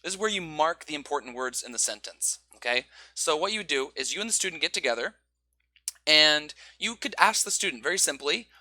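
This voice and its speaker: A man giving online teaching advice in an energetic, demonstrative way. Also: a little high, no room sound. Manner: energetic, demonstrates stress with slow exaggerated example sentences. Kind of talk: online teaching tips video.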